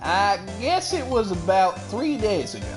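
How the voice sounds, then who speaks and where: A chatty, homespun Southern country girl with a drawling Southern US accent, as a woman puts her on for a game reading. She speaks slowly, and her pitch swings up and down. A soft music bed plays behind her. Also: big pitch swings. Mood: folksy. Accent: Southern US, put on. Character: folksy young Southern woman photographer.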